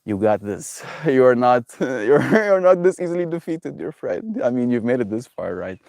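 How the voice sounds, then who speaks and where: A man livestreaming, chatting casually with viewers in a gentle, self-affirming, meandering way, laughing often. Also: medium pitch, big pitch swings, normal speed, creaky, no echo, studio quality. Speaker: daily livestreamer. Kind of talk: casual reflective chat with viewers.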